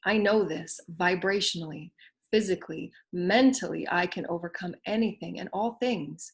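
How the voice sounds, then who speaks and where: A woman giving a spiritual teaching talk, speaking in slow, repetitive affirmations that often drift soft and hushed. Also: medium pitch, husky.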